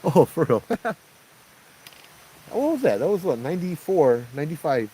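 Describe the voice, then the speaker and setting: A man's voice: fairly high pitch, sing-song, normal speed, dark tone, a little hiss or hum, rough recording. A young man with a Hawaiian accent, hosting a casual night-time livestream outdoors and chatting jokingly while reading out viewer comments. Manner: jokey, chatty, reads out chat comments. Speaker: livestream host.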